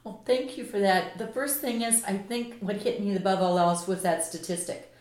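A woman guest on a podcast tells her stories with deep passion, and her words build in vivid detail. Her voice sits at an ordinary middle pitch. The recording picks up a clear echo from the room. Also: normal speed, darkish tone. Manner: impassioned, vivid anecdotal storyteller. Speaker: author and empathy expert guest. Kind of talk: podcast interview storytelling.

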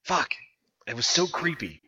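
A man narrating a tabletop game as game master, describing scenes slowly and vividly over an online voice call. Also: a little high, sing-song, crowd noise. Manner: slow, vivid scene description with drawn-out words.

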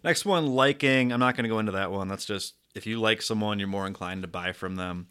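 A man's voice: fairly low pitch, a little fast, smooth. Rambling, crude man with muttered asides. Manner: swings between loud bursts and muttered asides. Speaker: show host. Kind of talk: casual comedic book rundown.

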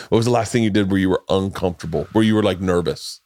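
A man hosting a podcast in casual chat, telling stories in an animated way with frequent swearing and laughter. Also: deep voice, a little fast, dry recording, clean studio sound. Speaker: podcast host.

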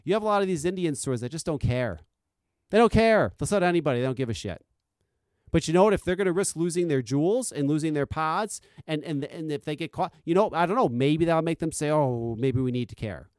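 A man's voice: fairly high pitch, animated, brisk, darkish tone, dry recording. A man hosting a vape channel, delivering a heated, profane commentary rant. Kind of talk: ranting commentary.

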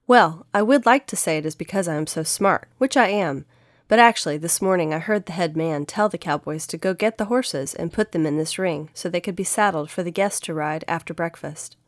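A cheerful, know-it-all male rabbit from a children's storybook, as a woman reader puts him on, friendly and sure of himself as he explains things. The voice sits a little above her lowish reading voice and sounds close and dry. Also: a little fast, dry recording, lightly acted. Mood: smug. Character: clever talking male rabbit, cheerful and a bit boastful. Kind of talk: storybook narration.

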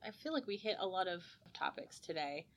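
A woman's voice: fairly low pitch, big pitch swings, brisk. A woman hosting a podcast, asking questions in casual chat and laughing often. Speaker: podcast host.

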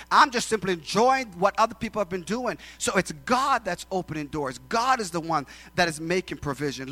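A middle-aged man preaching a sermon as pastor, swinging from hushed tones to loud declarations and acting out the voices in his stories. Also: high voice.

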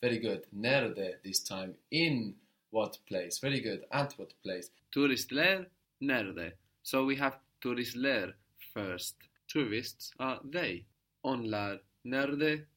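Slow, patient male language teacher. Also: mid-range voice, expressive, pushed and bright. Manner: patient, encouraging, slow and deliberate. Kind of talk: guided language lesson.

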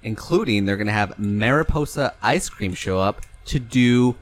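A man's voice: lowish voice, lively intonation, moderate pace. Rambling laid-back man on a podcast. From California. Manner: rambling, loose, swears casually, laughs easily. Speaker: podcast co-host. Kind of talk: casual chat.

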